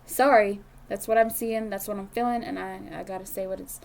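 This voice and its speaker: A woman's voice: medium pitch, steady tone, fairly quick, gravelly, darkish tone, a little hiss or hum. A young adult woman doing a casual tarot reading, speaking bluntly and swearing freely as she talks to the viewer. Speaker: tarot reader.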